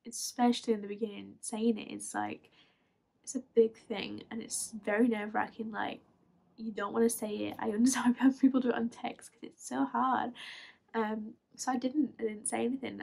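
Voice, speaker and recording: A woman in her twenties from England tells a personal story straight to camera. Her voice sits a little high and has a gravelly, creaky edge. She talks in a chatty, halting way, with lots of fillers and small laughs. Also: flat delivery, a little mellow. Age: 20s. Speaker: vlogger.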